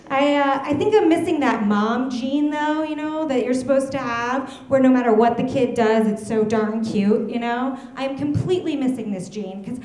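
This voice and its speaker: A young woman performing stand-up on a club stage, her fairly high voice carrying into a roomy, echoing space. She tells her stories deadpan and breaks into laughter at her own punchlines. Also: moderate pace. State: heavily pregnant. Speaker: stand-up comedian. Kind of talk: stand-up comedy set.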